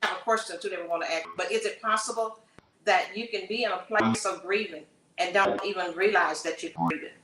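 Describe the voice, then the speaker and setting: A woman co-host gently asking a guest a question. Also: medium pitch, fairly quick, echoey room, a crowd in the background, poor audio. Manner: supportive, asks gentle questions. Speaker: podcast co-host. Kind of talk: interview questions.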